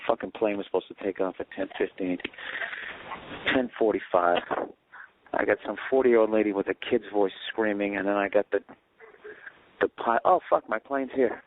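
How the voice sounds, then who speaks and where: A man's voice: lowish voice, moderate pace, slight background noise. Profane grumbling man on a tinny line. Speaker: comedian podcast host. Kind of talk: rambling comedic rant. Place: airport waiting area. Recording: tinny phone-like recording.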